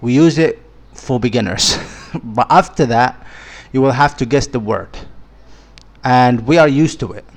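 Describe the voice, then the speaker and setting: A man, an Arabic speaker, leads a beginner lesson at an unhurried, deliberate pace. He patiently repeats and sounds out each letter one at a time, his voice sitting at an ordinary middle pitch. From Egypt. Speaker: Arabic teacher.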